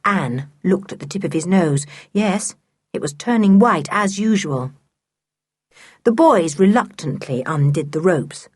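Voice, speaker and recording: Brief: an animated female audiobook narrator with a husky voice. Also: fairly low pitch, unhurried. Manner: lively storytelling. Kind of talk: scripted narration.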